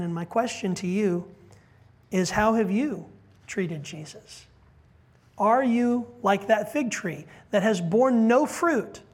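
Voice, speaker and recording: A preacher delivers an expository sermon in a mid-pitched voice. The delivery is animated, building to loud, emphatic peaks and then dropping to a hushed near-whisper. The preacher often puts questions straight to the congregation. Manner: asks the congregation direct questions. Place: church service with a congregation.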